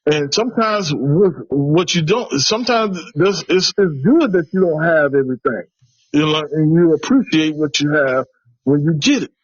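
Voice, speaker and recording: A man's voice: fairly high pitch, lively intonation, normal speed, no echo, lo-fi sound. A middle-aged man from Chicago telling a personal story in an interview, in an earnest way, with many restarts. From West side of Chicago. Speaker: interviewee, tradesman.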